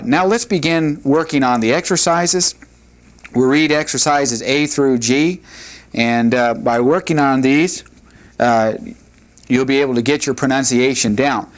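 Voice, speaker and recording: A man teaching a recorded language lesson, explaining step by step in a measured way with frequent "uh" pauses. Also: medium pitch. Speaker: Hebrew teacher. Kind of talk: recorded classroom lecture.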